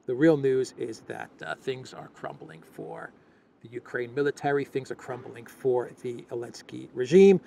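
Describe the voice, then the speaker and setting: A man's voice: medium pitch, creaky. A man hosting a political news commentary show, talking in a sarcastic, scoffing way and often restarting his phrases. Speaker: host.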